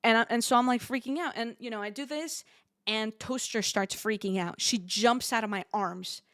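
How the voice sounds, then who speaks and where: A young woman streamer telling a rambling, animated story in a casual way, full of fillers and asides. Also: fairly high pitch, moderate pace, dry recording, clean studio sound.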